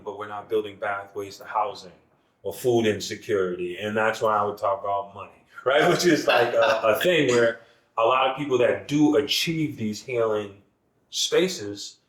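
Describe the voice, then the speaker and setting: Low-voiced man in an echoey room. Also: normal speed. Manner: earnest, circling talk with many restarts. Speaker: podcast guest. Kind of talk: casual podcast conversation.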